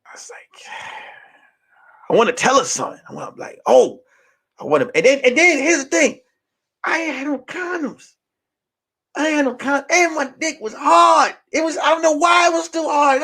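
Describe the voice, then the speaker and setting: Male streamer host: high, very lively voice, profane storyteller, from whispers to shouts. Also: unhurried, pauses often. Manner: animated, profane, swings from hushed whispers to shouting. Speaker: show host. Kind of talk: casual storytelling on a livestream.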